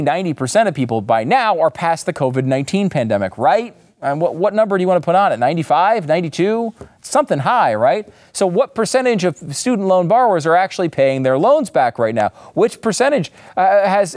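Man, sarcastic commentary host, high-pitched, very animated delivery, dry sound. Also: dry recording. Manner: sarcastic, incredulous, rising to exasperated outbursts. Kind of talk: sarcastic monologue reacting to news clips.

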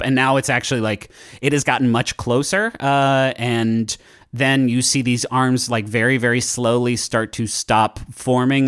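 A man runs a tabletop game, his voice mid-pitched. He halts often with fillers as he lays out each scene. The sound is dry and close. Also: no room sound. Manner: halting, many fillers, describing scenes. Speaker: game master and podcast host. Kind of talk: casual podcast reads and game narration.

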